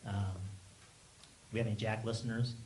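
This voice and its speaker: A man doing a stand-up set on a small theater stage, talking haltingly with many ums and restarts. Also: fairly low pitch, fairly even intonation. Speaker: stand-up comedian. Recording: echoey room, loud background noise. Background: audience laughter.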